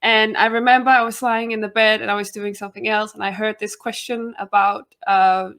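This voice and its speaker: A woman's voice: mid-range voice, flat delivery, brisk, a bit bright. A young woman from Denmark with a Danish accent, a guest giving a chatty self-introduction with frequent laughter.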